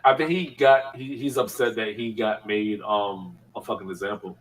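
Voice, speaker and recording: A man's voice: on the low side, fairly even intonation, normal speed, far from the mic, a little hiss or hum, poor audio. A man telling a work story in casual podcast chat, laughing often and filling his talk with slang and fillers. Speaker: podcast co-host.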